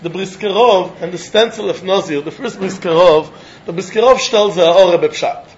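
A man teaches a Talmud lesson in carrying a lilt, his voice sitting high. He keeps pressing rhetorical questions and chuckling as he reasons aloud. The recording sounds dull and lo-fi. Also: moderate pace, a little hiss or hum. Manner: animated, asks rhetorical questions, chuckles often. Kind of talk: Talmud lecture.

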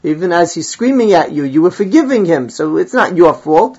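Male Talmud teacher, husky voice, dull lo-fi recording, reads the text aloud and explains it line by line. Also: high voice, lively intonation, moderate pace, a little mellow. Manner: reads Hebrew and Aramaic phrases, then explains them in English. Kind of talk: Talmud class, translating and explaining.

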